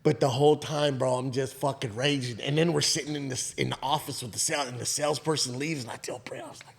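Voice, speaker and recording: Animated, gravelly man telling a wild story. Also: on the high side, fairly quick, slight background noise. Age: adult with a father-in-law and kids. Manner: animated, profane storytelling with bursts of laughter. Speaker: podcast co-host. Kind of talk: casual storytelling chat.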